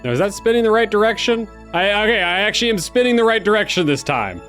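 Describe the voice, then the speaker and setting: A young gaming YouTuber gives excitable let's-play commentary while he plays, talking to himself and his viewers. He often stammers and restarts sentences, speaking quickly in a high voice, with faint music behind him.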